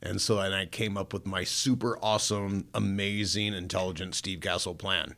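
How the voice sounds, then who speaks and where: Middle-aged male pastor from Northern Illinois, very low and rough-edged, earnest storyteller on a studio mic. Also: fairly even intonation, normal speed, fairly bright tone. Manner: earnest storyteller, self-mocking, frequent restarts. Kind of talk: personal testimony in an interview. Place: recording studio.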